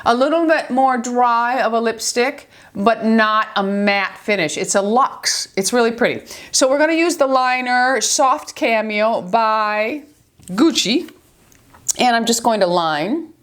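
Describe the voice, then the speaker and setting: A woman's voice: fairly high pitch, lively intonation, unhurried, fairly bright tone. Chatty older woman with a New York accent. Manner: chatty and affectionate, often checks in with "okay?". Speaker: beauty vlogger. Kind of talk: makeup tutorial.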